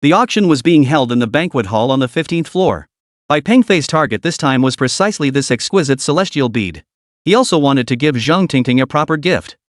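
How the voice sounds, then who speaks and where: A man giving scripted narration of a comic story with an animated storytelling manner. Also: mid-range voice, brisk, dry recording, studio quality.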